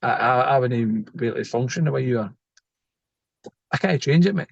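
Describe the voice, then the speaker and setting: A man's voice: mid-range voice, a little fast, creaky, no echo, lo-fi sound. A middle-aged Scottish man, a podcast guest, telling a personal story in a rambling way, often tagging lines with "right?". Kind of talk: casual storytelling.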